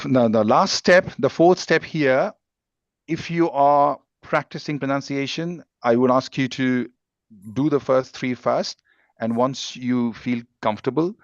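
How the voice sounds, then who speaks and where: A man's voice: mid-range voice, normal speed, no room sound, dull audio. A man, teaching a live workshop on speaking skills and explaining points steadily. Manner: explanatory, steady, stresses single words when demonstrating. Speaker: English language teacher, guest speaker.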